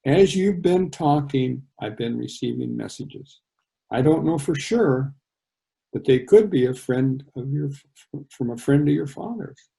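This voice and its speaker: A man speaks as a troubled woman medium in a storybook reading, soft and hesitant. The voice stays mellow and gravelly under the lines. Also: mid-range voice, lively intonation, measured pace. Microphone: video call.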